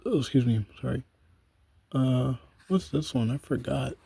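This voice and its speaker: A man's voice: mid-range voice, expressive, a little slow, creaky, warm tone, slightly rough, dry recording. A young man talking in a loose, meandering casual monologue, full of ums and offhand swearing. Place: small room, flipping through notebook pages.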